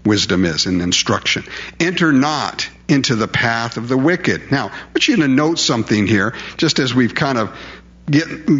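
A man preaching a sermon, animated and full of rhetorical questions, acting out quotes in different voices. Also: medium pitch, slightly rough. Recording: dull lo-fi recording.

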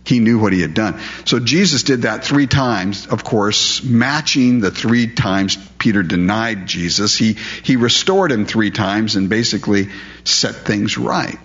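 A man's voice: lowish voice, lively intonation, unhurried, a bit bright. A man preaching a conversational verse-by-verse sermon, often asking the audience rhetorical questions. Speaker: pastor. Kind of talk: expository sermon. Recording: dull lo-fi recording.

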